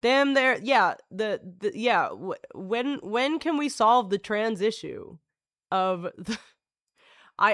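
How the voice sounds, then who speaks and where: A woman's voice: medium pitch, animated, slow, a bit bright, no echo, studio quality. Scattered, jokey woman streamer. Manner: jokey, scattered, full of restarts and self-interruptions. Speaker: live streamer. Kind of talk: rambling live-stream chat with viewers.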